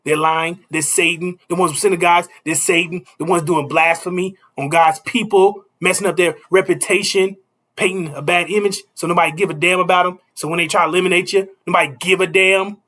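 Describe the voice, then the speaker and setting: A man's voice: sits high, steady tone, a little fast, bright, forceful tone. A man preaching a casual street sermon, stopping often to ask "you see?" and chuckling between points.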